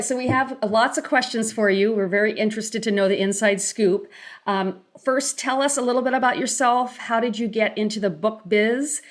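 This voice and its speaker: Woman podcast co-host, friendly, asking questions casually. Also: mid-range voice. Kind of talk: casual interview chat.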